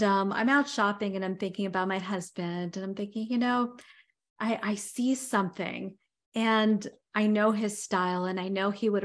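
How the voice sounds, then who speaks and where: A woman giving a motivational talk, telling everyday stories in a conversational way with frequent "you know" fillers. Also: medium pitch. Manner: conversational, many "you know" fillers, builds vivid scenarios. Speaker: motivational speaker.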